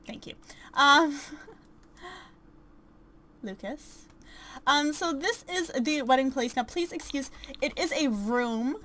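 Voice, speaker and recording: Fairly high-pitched and a bit bright, she commentates casually on a life-sim game. Her let's-play chatter is self-deprecating and loose, dotted with fillers and giggles.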